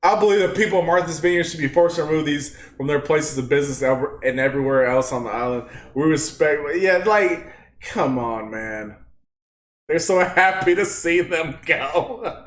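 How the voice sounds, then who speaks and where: A man's voice: fairly high pitch, fairly quick, roomy sound. A man with a Texan accent hosting casual political commentary, slangy and mocking, often laughing at his own jokes. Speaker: commentary channel host.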